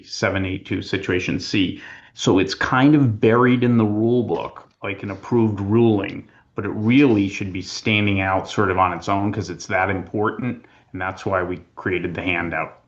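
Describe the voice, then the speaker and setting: A man's voice: sits low, lo-fi sound. A man adding precise rule references with a few hesitations during an officials training. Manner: precise, methodical, cites rule numbers.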